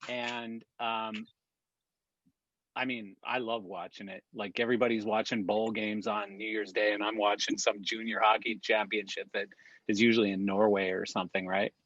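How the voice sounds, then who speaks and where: A man's voice: fairly low pitch, flat delivery, moderate pace, a bit bright, no echo. A man on a video call, chatting casually and telling anecdotes with laughs and swearing. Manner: profane, laughing anecdote-teller. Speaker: regular on a weekly industry chat. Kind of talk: casual chat, storytelling. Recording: dull dry video-call audio.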